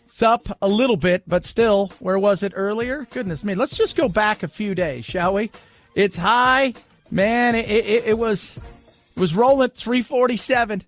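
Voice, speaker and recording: Animated high-voiced male talk radio host. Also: normal speed, soft background music. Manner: animated, sarcastic, conversational. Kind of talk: talk radio monologue and ad read.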